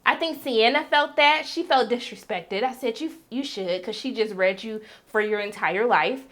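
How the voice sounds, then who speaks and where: Brief: energetic woman reviewer, casual and slangy, acts out the scenes she retells. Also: a little high, moderate pace. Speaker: TV show reviewer. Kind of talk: casual episode recap.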